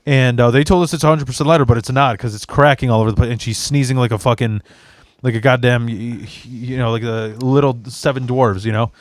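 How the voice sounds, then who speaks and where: A man's voice: mid-range voice, steady tone, fast talker, hardly any pauses, no echo. A man co-hosting a podcast in casual chat, cracking profane jokes and then telling his own story. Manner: wisecracking, profane, jokey asides. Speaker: podcast co-host. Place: podcast studio room.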